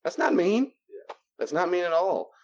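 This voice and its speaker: A man giving a conversational teaching talk, acting out both sides of the dialogues with lively shifts in his voice. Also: high voice, normal speed. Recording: dull lo-fi recording.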